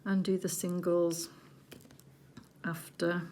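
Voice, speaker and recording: A woman chatting casually while she does a craft project at home, rambling along with little hushed asides. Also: fairly low pitch, flat delivery, takes it slowly, a little hiss or hum. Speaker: crafting vlogger. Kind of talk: casual chat while diamond painting.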